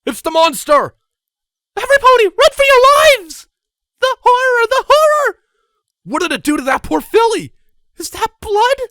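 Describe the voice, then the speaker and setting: A man's voice: very high voice, sing-song, normal speed, pauses often, sharp tone, no echo, studio quality, pitched above the performer's own voice, heavily acted. A man voicing terrified pony townsfolk who scream hysterically in panic.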